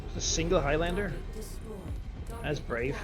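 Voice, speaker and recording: A man with a fairly high voice, chatting excitedly while playing a game. He trips over words and repeats himself as he chases down enemies. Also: measured pace, over music. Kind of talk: casual gaming chat.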